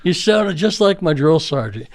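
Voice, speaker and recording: A man's voice: fairly high pitch, sing-song, normal speed. A middle-aged man, a school safety official, earnestly reminiscing in conversational storytelling with frequent fillers.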